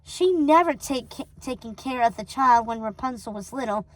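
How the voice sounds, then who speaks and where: A woman narrating a storybook read-aloud in an expressive, animated way. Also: on the high side, moderate pace, dry recording, low-quality recording. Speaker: storybook reader.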